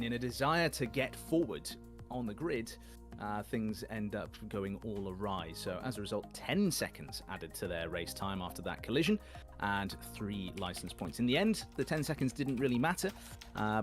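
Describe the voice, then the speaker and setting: A man calls a sim race in a chatty, self-deprecating way, filling pauses with frequent fillers. His voice sits at an ordinary pitch. Faint music runs quietly underneath. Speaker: sim racing commentator. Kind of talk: esports race commentary.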